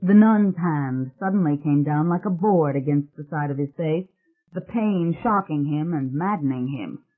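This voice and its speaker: A narrator giving a steady, dramatic reading of a suspense audiobook. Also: medium pitch, normal speed. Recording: tinny phone-like sound.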